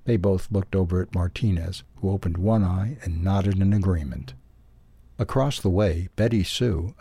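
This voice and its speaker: Low gravelly man reading a story. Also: mellow, no room sound. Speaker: newsletter audio reader. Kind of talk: storybook narration.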